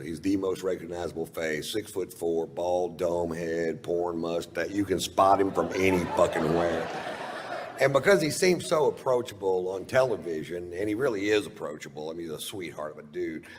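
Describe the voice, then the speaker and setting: A man's voice: low voice, in a large hall, a little hiss or hum. A male stand-up comedian telling a long story, rambling and profane, often chuckling at his own lines.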